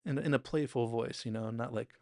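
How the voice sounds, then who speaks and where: Podcast host, male, gravelly, dry close sound, chatty recap delivery. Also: mid-range voice, brisk, a little mellow, no room sound. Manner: chatty, enthusiastic, acts out quotes, many "like"s. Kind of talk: casual episode analysis.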